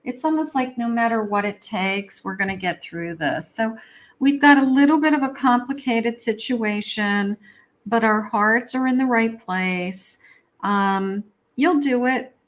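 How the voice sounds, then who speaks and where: A middle-aged woman giving a tarot reading, who talks in a gentle, reassuring way and voices the feelings she reads for the viewer's partner. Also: on the high side, a little slow. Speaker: psychic tarot reader.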